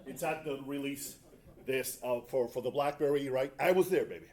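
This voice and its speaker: A man's voice: medium pitch, normal speed, darkish tone. A man giving a tech talk at a conference, rambling and self-mocking with jokey asides. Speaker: conference presenter. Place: conference room.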